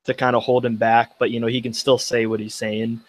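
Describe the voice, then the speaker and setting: A man's voice: mid-range voice, little pitch movement, brisk, no echo. A man playing a tabletop game, rambling and hedging as he explains his moves. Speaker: player. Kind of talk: casual tabletop game play.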